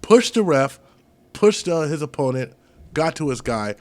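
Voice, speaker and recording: A man chatting as a podcast guest, telling stories in an animated, profane way. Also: a little high, a little slow. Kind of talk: casual podcast chat.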